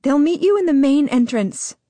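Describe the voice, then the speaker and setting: A woman's voice: high-pitched, animated, normal speed, dark tone, no room sound, voice pushed up. A woman narrator voicing a young girl calling urgently in an audiobook. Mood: urgent guiding.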